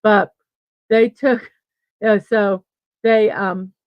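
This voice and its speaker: A woman's voice: medium pitch, steady tone, extremely slow, dry recording. Middle-aged lady rambling thru a story on her morning stream, lots of restarts, kinda muffled dry mic. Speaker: host of a daily morning livestream. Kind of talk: casual storytelling and chat reading viewer comments.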